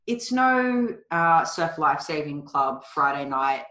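An Australian woman with a low voice co-hosts a podcast, chatty and playful, stretching out her words. The sound rings a little, like a room with hard surfaces. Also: sing-song, slow, sharp tone, reverberant. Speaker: podcast co-host. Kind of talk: casual chat.

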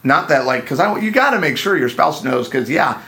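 A man's voice: a little high, expressive, fairly quick, pushed and bright. A man hosting a casual podcast for couples with an easygoing, playful manner. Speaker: podcast host, couples counselor.

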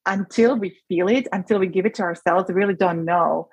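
A woman's voice: on the low side, fairly quick, a little mellow, breathy edge, no room sound, poor audio. A woman physician, a podcast guest, talking earnestly and with emotion, often restarting her sentences. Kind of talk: podcast interview.

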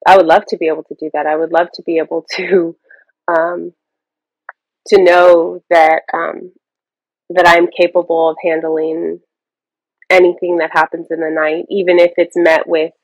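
A mother, speaking as a coaching client, talking in a halting, thoughtful way with many pauses. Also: fairly low pitch, level tone, no echo, poor audio. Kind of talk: hesitant conversation.

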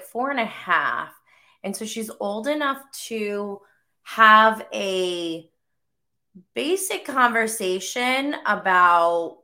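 A woman's voice: mid-range voice, bright, forceful tone. A woman in her thirties hosting a podcast, chatting casually and rambling with lots of fillers, coughing while getting over the flu. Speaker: podcast host and mother. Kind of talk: casual chat.

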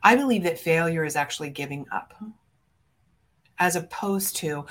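This woman has a low-pitched voice with lively intonation and a moderate pace. As a podcast host and business coach, she delivers fervent, emphatic motivational talk in punchy lines with big loudness swings, addressing listeners directly like friends.

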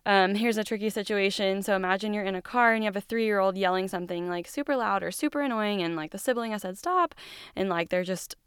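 A woman in her thirties hosting a solo parenting podcast, talking in an earnest, gentle, reassuring way and acting out quick lines she says to her kids. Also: medium pitch, clear, resonant tone, dry recording, studio quality. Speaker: podcast host.

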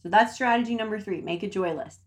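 A woman's voice: mid-range voice, fast. Chatty woman giving casual advice. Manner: chatty, repeats words for emphasis. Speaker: self-help speaker.

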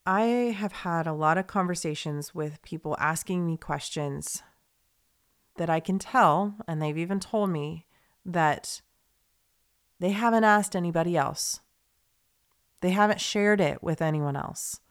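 A woman's voice: lowish voice, a little slow, clean tone. Earnest young woman podcast host. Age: young adult. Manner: earnest, rambling, with many fillers and restarts; emotional, confiding. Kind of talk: heartfelt podcast monologue.

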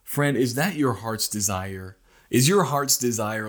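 A man's voice: medium pitch, animated. Earnest man hosting a morning devotional. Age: middle-aged. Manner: earnest, speeds up and slows down, rises when acting out a cry. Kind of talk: casual devotional Bible teaching.

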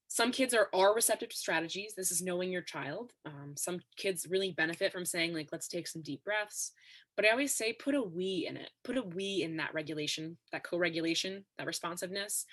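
A woman guest on a podcast interview, explaining ideas in a steady, instructive way. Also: fairly low pitch. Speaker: expert guest.

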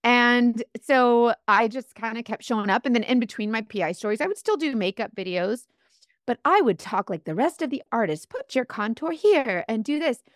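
A woman with a Southern accent, a guest in an interview, telling her story in a chatty, animated way and often quoting herself. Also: fairly high pitch, normal speed, no room sound, clean studio sound.

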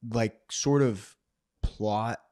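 A man's voice: on the low side, very slow, dark tone. Laughing, slangy male host. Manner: laughs often, slangy, says bro and dude. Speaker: podcast host and actor. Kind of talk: casual chat.

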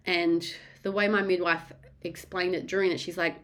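A woman speaking in a slightly low voice, recounting her own birth story in candid, casual conversation. She talks frankly and with animation, and swears freely. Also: little pitch movement, moderate pace.

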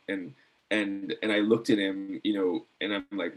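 A man's voice: deep voice, little pitch movement, normal speed. A middle-aged man, a former athlete, telling a story in a casual interview, earnest and full of fillers and restarts. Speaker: guest, former decathlete.

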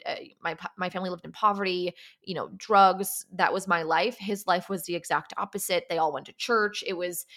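Candid young woman hosting a solo podcast. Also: medium pitch. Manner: candid, confessional, with frequent "like" and restarts. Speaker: podcast host.

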